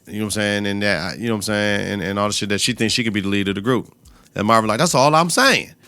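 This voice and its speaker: A man's voice: fairly low pitch, pushed and bright, smooth, no room sound. A man hosting a podcast, giving a loose, slang-heavy, profane recap of a TV episode into a close mic. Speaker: podcast host.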